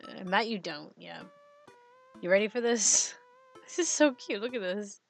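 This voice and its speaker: A woman's voice: mid-range voice, expressive, a little slow, vocal fry, soft background music. A young woman streaming a dating game, chatting and giggling while reading the game text aloud on a headset mic. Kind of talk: let's-play commentary. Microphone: headphones and mic.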